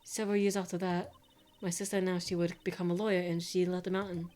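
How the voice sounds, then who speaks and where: A woman voicing a subdued young spirit medium in a video game, speaking softly and hesitantly. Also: fairly low pitch, little pitch movement, quick pace, natural voice. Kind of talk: reading game dialogue aloud.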